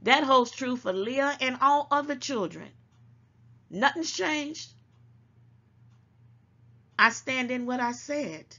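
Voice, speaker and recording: A woman with a gravelly, fry-heavy voice gives casual, emphatic commentary straight to her viewers. She lectures a little as she talks and keeps calling them baby. The sound is dull and lo-fi. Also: sits high, expressive, takes it slowly, long pauses, fairly bright tone. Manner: emphatic and preachy, calls listeners baby. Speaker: channel host.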